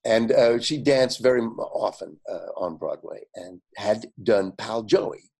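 An older man, a guest, telling anecdotes in an animated way, acting out other people's lines and often laughing. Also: fairly low pitch, a little slow, gravelly, slightly rough. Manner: animated storyteller, quotes others in lively voices, frequent fillers and laughs. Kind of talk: anecdotal storytelling.

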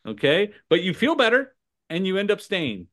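Energetic sales coach guest, a man with a slightly high voice who keeps checking in with "right?". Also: normal speed. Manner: animated, acts out phone calls in put-on voices; punctuates points with "right?" and "okay?". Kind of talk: energetic podcast conversation.

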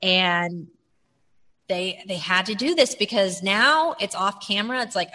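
A woman co-hosting a casual chat, animated and talking in quick bursts with many restarts. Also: medium pitch. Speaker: podcast co-host. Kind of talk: casual chat about reality TV.

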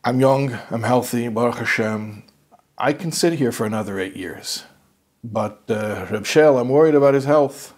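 A man voicing a devout young male prisoner who calmly stands his ground, with a husky voice. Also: medium pitch, normal speed, natural voice. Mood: earnest.

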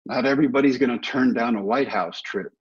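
A man in his fifties, a former ballplayer, telling animated stories as a podcast guest and acting out the quotes. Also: mid-range voice, fairly quick, slightly rough. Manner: animated anecdotes with acted-out quotes. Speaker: guest, former baseball player. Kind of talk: storytelling interview. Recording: dull lo-fi podcast audio.

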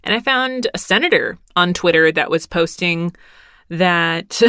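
A woman's voice: lowish voice, slow pace, bright, forceful tone, clean tone, dry recording, clean studio sound. A woman in her thirties from Texas telling a rambling, wry story in casual monologue, swearing lightly and laughing as she goes. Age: 30s.

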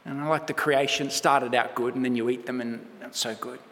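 A man's voice: medium pitch, fairly even intonation, a little fast, fairly bright tone. Australian guy preaching, chatty and self-mocking, lots of asides, long hall reverb. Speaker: pastor. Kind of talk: sermon.

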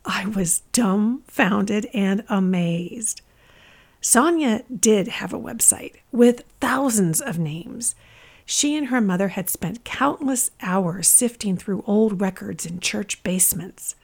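A woman hosting a podcast, announcing the episode in a clear, upbeat way and reading a listener's letter aloud. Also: mid-range voice, lively intonation, slow pace. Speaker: podcast host.

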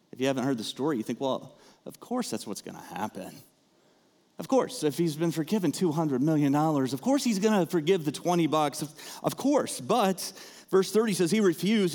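A man preaching a sermon as pastor, talking in a conversational way and turning lively when he acts out the people in the story. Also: fairly high pitch. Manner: conversational, animated when acting out characters.

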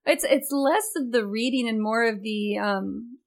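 A woman co-hosts a casual podcast with a slightly high voice. She teases her partner and giggles often, keeping the chat light. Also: measured pace. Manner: teasing, giggly. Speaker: podcast co-host.

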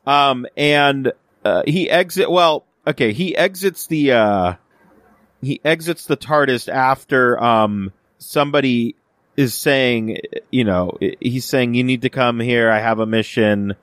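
A man's voice: medium pitch, a little slow, fairly bright tone, no echo, clean studio sound. A man co-hosting a podcast, chatting casually about a TV episode, with lots of fillers and restarts. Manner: rambling, many fillers and restarts, acts out quoted lines. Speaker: podcast co-host. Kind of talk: casual chat reviewing a TV episode.

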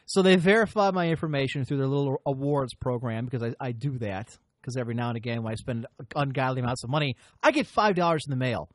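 A man's voice: medium pitch, fast, few pauses, no echo. A man hosting a podcast, telling a long story in a rambling, profane way and often interrupting himself. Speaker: podcast host. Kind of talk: casual storytelling chat.

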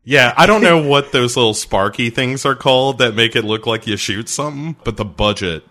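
A man's voice: medium pitch, moderate pace, sharp tone. A man co-hosting a comedic movie podcast, chiming in with dry jokes. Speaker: podcast co-host. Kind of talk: comedic banter.

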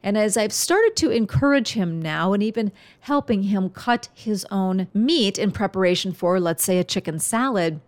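A woman's voice: mid-range voice, lively intonation, moderate pace, few pauses. A woman hosting a podcast, talking earnestly and encouragingly to her listeners as if to a friend. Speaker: podcast host. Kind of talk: heartfelt podcast monologue.

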